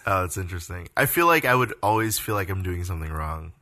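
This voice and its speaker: A man with a very low voice and a bright, forceful tone co-hosts a casual podcast. He is playful and teasing, and he works through his thoughts out loud with frequent pauses. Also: lively intonation. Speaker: podcast co-host.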